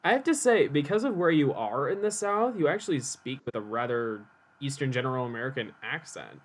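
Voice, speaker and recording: A man's voice: medium pitch, expressive, brisk. A man chatting casually while playing a game together, with wry remarks. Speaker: co-host. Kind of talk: casual gameplay chat.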